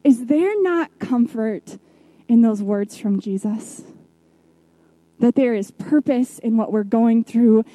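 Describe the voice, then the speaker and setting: A woman preacher retelling a Bible story in a sermon, reflective, with soft hushed drops at key moments. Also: on the high side, takes it slowly, no echo, poor audio.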